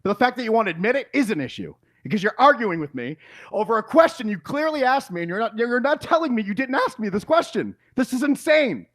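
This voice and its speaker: A man hosting a podcast, arguing heatedly, yelling and swearing in exasperation. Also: very high voice, big pitch swings, brisk. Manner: yelling, exasperated, profane rants. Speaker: podcast host.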